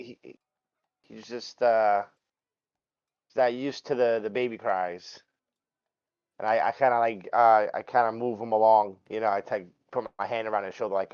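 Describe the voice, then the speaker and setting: A man's voice: fairly low pitch, fairly even intonation, moderate pace, pauses often, clean tone, no echo, highs cut off. A man playing a tabletop game on a stream, talking loosely with many restarts. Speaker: player.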